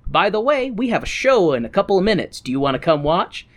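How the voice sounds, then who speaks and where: Podcaster doing streetwise lounge singer, breezy, lively pitch. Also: fast talker, natural voice.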